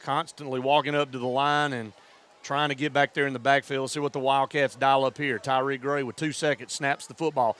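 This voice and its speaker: A man doing play-by-play for a high school football game, building to excited shouts on big plays. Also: a little fast, a little hiss or hum. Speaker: play-by-play announcer.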